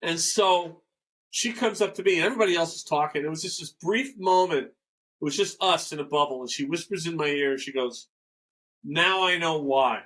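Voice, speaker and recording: Older man, interview guest, rambling storyteller, bright voice. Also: fairly high pitch, fairly quick, low-quality recording. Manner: rambling, animated, acts out quoted dialogue. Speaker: guest musician.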